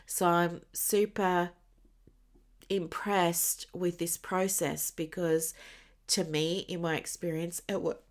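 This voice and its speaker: A woman's voice: lowish voice, level tone, slow pace. A woman hosting a solo podcast as a business coach, chatting casually with many fillers and small laughs, and she has the hiccups. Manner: chatty and warm, with frequent fillers and little laughs.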